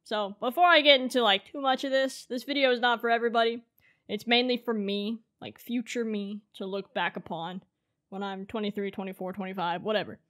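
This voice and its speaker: A young woman in her early twenties speaks to her future self in a casual home vlog, her voice sitting a little high. She rambles through her thoughts, laughing often and saying "like" a lot. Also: fairly even intonation, a little fast, a bit bright. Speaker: streamer and content creator.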